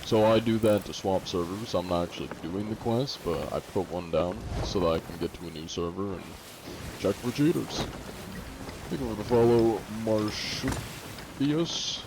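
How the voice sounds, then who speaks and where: A man's voice: lowish voice, moderate pace, background noise. A male streamer in casual live-stream chat, reading and answering viewers' messages offhandedly, with some swearing.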